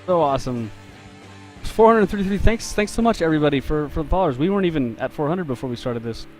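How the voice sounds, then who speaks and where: A man telling a story in a relaxed, chatty way, laughing often as he draws live on a stream for his viewers. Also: fairly high pitch, quick pace, soft background music. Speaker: game developer and artist streaming live. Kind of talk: casual storytelling while drawing on a live stream.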